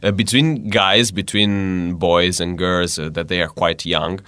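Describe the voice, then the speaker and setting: A man from Italy with an Italian accent, chatting casually as a guest in a relaxed, talkative way. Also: low-pitched, unhurried, dry recording. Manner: relaxed, chatty, laughs often. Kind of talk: casual chat.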